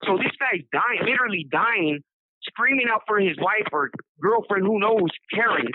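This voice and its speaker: A man with a Southern California accent tells his story in a loose, rambling way, stumbling over and repeating words. His voice sits high for a man. It comes through a dry, tinny phone line. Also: animated, normal speed, slightly rough, no echo. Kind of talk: casual storytelling.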